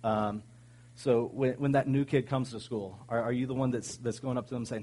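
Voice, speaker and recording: A man's voice: mid-range voice, steady tone, moderate pace, darkish tone, rough recording. A man preaching a sermon in an earnest, conversational way, with many ums and restarts.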